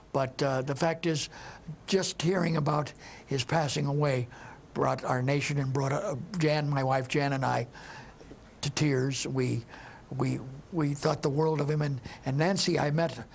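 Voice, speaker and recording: An older man, a guest on a TV talk show, speaking haltingly with many restarts. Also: fairly high pitch, vocal fry, a little hiss or hum. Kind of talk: emotional TV interview.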